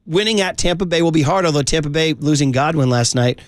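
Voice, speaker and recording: A man's voice: on the high side, fast talker, no room sound, clean studio sound. A man hosting a sports radio show, bantering casually, joking and laughing often.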